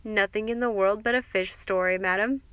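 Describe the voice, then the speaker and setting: A woman voicing an old gentleman who speaks in a dry, plain-spoken way. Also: medium pitch, steady tone, normal speed, smooth, dry recording, close to an everyday voice.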